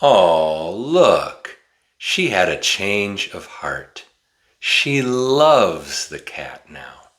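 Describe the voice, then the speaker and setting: A man from Wisconsin teaching English pronunciation, slow and deliberate with exaggerated enunciation. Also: sits low, big pitch swings, pushed and bright. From Wisconsin, USA. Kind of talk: pronunciation lesson.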